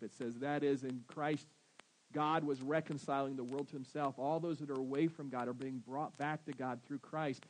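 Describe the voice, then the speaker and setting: Southern pastor, male, slightly high voice, chatty sermon delivery that quizzes the room. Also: a little mellow, rough recording. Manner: conversational preaching, asks the congregation questions.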